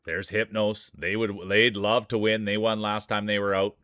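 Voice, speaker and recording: A man's voice: fairly low pitch, level tone, normal speed, a bit bright, no room sound, studio quality. A man hosting a live stream of marble races, commentating in playful, jokey announcer patter.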